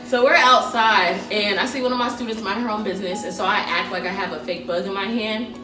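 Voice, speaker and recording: A woman's voice: mid-range voice, moderate pace. A woman teacher chatting casually and telling funny classroom stories in a playful way. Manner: playful storytelling. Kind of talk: casual chat. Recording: roomy, distant mic, music behind.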